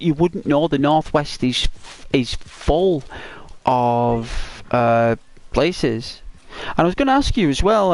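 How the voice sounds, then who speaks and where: A gaming YouTuber with a Northwest English accent chats to his viewers in a loose, rambling way, teasing them and chuckling. His voice sits at an average pitch for a man. He is heard up close with a dry, roomless sound. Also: smooth, no room sound. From Northwest England. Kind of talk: casual chat with viewers during gameplay.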